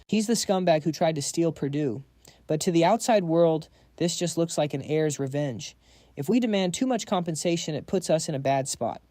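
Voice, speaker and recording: An emotionless young noble mercenary leader, speaking in flat, cutting tones, as a man reads him. His voice is a little high but dark and mellow, recorded close and dry. It belongs to a comic recap. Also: moderate pace, dry recording, lightly acted. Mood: calm.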